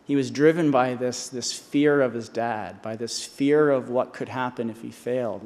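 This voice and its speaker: A man's voice: mid-range voice, moderate pace, hardly any pauses, a little mellow. Earnest man speaking in a reverberant hall. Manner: earnest, with restarts and repetitions. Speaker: honorary doctorate speaker. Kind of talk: commencement speech. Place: large convocation hall.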